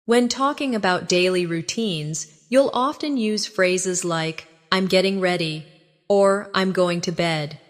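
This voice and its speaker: A woman teaching everyday English phrases in a scripted lesson, giving slow, clear prompts for the listener to repeat. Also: fairly low pitch, long reverb tail.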